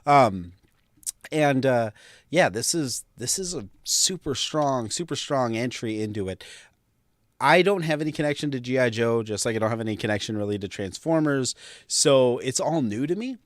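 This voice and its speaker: A man's voice: medium pitch, expressive, moderate pace, no room sound, clean studio sound. A man on a panel livestream, talking casually and animatedly about comics, swearing freely and laughing between phrases.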